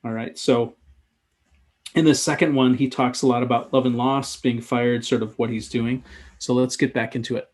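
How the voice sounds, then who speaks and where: Male instructor, husky mid-range voice, casual think-aloud tutorial narration. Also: medium pitch, steady tone, normal speed, darkish tone. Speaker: sketchnoting instructor. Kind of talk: live drawing tutorial commentary.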